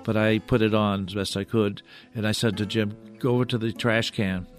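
An older man, a puppeteer, telling stories in a halting, rambling way as a guest in a radio studio. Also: lowish voice, fairly even intonation, faint music behind. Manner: rambling, halting, full of restarts. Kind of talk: radio interview storytelling.

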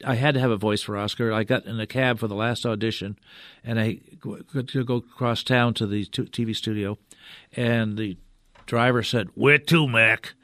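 An older man, a puppeteer, telling stories in a halting, rambling way as a guest in a radio studio. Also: lowish voice, steady tone, dry recording. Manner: rambling, halting, full of restarts. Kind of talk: radio interview storytelling.

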